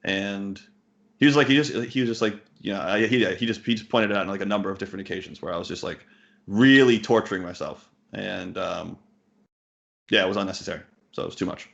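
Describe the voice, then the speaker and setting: A man's voice: on the low side, fast, gravelly, a bit bright. A man in his thirties, a poker coach, answering interview questions bluntly, swearing casually and full of fillers and restarts. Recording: muffled lo-fi audio.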